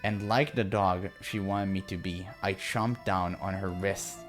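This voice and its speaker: A man narrates a visual novel in the first person during a playthrough. His voice sits fairly low, and his reading is steady and earnest. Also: measured pace, music in the background. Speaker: let's-play narrator.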